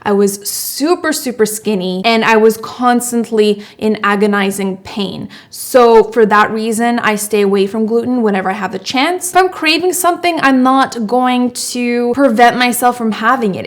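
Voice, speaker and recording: A woman's voice: a little high, moderate pace, hardly any pauses. A young woman hosting a casual question-and-answer vlog, chatty and emphatic, often doubling words for stress. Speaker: beauty vlogger host.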